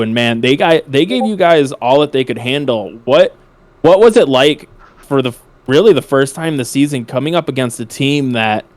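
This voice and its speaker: A man interviews a winning team after a final, his level voice sitting in the middle range. He stretches out his words for emphasis and sounds excited. The sound is close and dry, with no room around it. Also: medium pitch, no echo. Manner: excited, drawn-out emphatic phrasing. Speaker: esports caster interviewing winners. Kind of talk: post-match interview.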